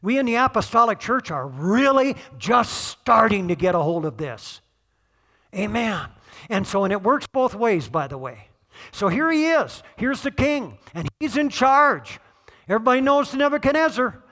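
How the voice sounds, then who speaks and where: Casting: middle-aged male pastor, high bright voice, chatty sermon with loud peaks. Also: very animated, moderate pace. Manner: conversational, joking, swells to shouting on key points.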